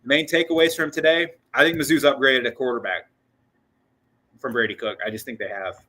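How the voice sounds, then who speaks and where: On a low-quality recording, a man hosting a casual postgame sports podcast talks a little fast in a husky, bright, forward mid-range voice. He's short of breath and rambles excitedly, restarting sentences and doubling up words.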